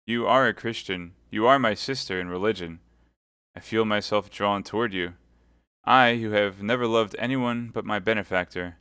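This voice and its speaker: A man's voice: fairly low pitch, moderate pace, pushed and bright, clear, resonant tone, dry recording, clean studio sound. A man doing an earnest young Puritan officer. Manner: earnest, urgent.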